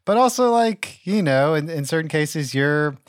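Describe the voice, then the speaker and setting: A man's voice: fairly high pitch, lively intonation, moderate pace, no echo, studio quality. A man co-hosting a podcast, chatting casually and rambling through his thoughts with fillers and restarts. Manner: rambling, many restarts and fillers, laughs along. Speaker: podcast co-host. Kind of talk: casual interview chat.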